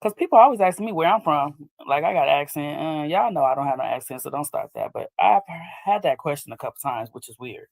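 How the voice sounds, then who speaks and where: A woman hosting a late-night talk podcast, chatting casually and reacting to clips, her voice jumping high when excited. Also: quick pace, vocal fry, few pauses, no echo. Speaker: podcast host.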